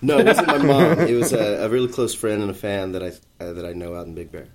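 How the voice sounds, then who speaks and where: A male singer-songwriter guesting on a radio show, laid-back and smooth. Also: fairly low pitch, fast talker, a loud crowd. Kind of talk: casual radio interview.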